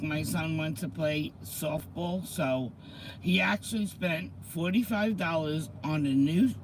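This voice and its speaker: Tearful, slow-talking New woman. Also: deep voice, background noise. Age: middle-aged. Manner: rambling, emotional, talks to commenters. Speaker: vlogger. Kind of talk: casual chat to viewers.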